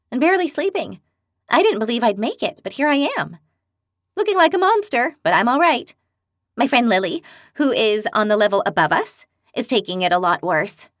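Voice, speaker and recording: A woman's voice: high-pitched, a bit bright, dry recording, studio quality, voice pushed up. A woman voicing a blunt, quarrelsome but brave young woman healer in a fantasy audiobook. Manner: blunt, spirited.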